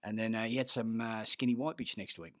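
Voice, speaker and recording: A man's voice: on the low side, fairly even intonation, fast, dry recording. An Australian army veteran telling rambling, profane stories, often losing his thread and growing heated. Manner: grows loud and heated retelling a fight. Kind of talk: rambling personal storytelling.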